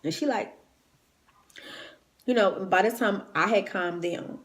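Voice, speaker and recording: A woman's voice: medium pitch, slow. A woman retelling a personal story in a raw, emotional, conversational way, grieving and near tears. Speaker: vlogger.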